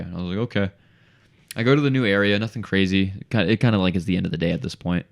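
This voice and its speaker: Deep-voiced young man telling a story. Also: very fast, creaky. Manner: animated storyteller, acts out quotes, says "dude" and "bro" a lot. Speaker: podcast co-host. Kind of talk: casual chat, storytelling.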